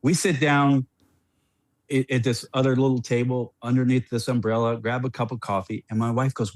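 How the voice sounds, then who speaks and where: A middle-aged man, a former player as podcast guest, telling a story in a rambling, animated way with many restarts. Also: medium pitch, fairly quick, dry recording.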